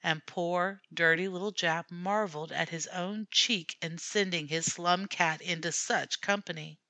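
Woman narrating a classic story, lowish bright voice. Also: no echo. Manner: measured, steady storytelling. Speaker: audiobook narrator.

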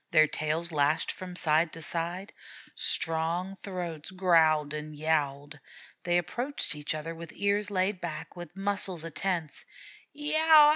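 A woman narrating a storybook in a measured, expressive reading voice. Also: on the low side, no room sound. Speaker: audiobook narrator.

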